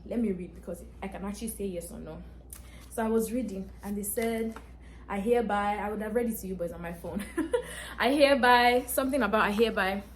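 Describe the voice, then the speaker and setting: A woman's voice: mid-range voice, a little mellow, slight background noise. Young female vlogger, chatty storyteller who laughs a lot, recorded in a reverberant room. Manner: chatty, laughs often, acts out dialogue. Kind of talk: casual storytelling to camera. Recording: echoey room, faint ambience.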